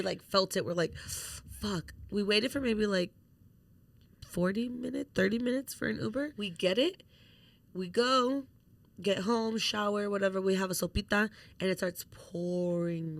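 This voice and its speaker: A young woman with a creaky, medium-pitched voice co-hosts a podcast, telling a story in casual chat. Her storytelling is animated, with free swearing and acted-out quotes, and the audio has no room sound.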